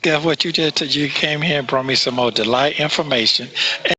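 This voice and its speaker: A man's voice: a little high, a little fast, sharp tone, rough recording. A man in casual conversation, rambling and repeatedly checking that he is understood.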